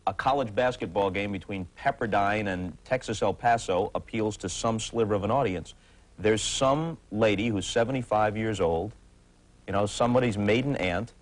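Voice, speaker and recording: A man's voice: fairly low pitch, low-quality recording. A man hosting a late-night talk show, musing aloud and acting out quotes as he tells anecdotes. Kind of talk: casual talk-show interviewing.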